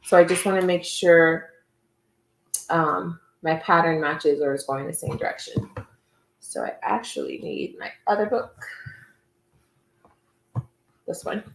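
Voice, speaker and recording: A woman's voice: fairly low pitch, expressive, measured pace, long pauses, echoey room, poor audio. A woman co-hosting a casual crafting livestream, talking cheerfully through her steps with lots of fillers.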